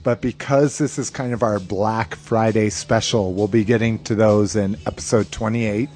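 A man's voice: lowish voice, fairly even intonation, moderate pace, darkish tone. A man co-hosting a casual podcast, joking and laughing often as he reads out contact details. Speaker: podcast co-host.

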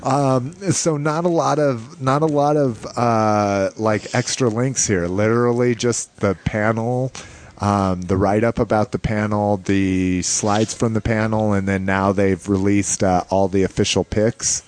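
A man hosting a podcast in casual chat, excited and joking, swearing freely. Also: fairly low pitch, a little slow, slight background noise. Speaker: podcast host.

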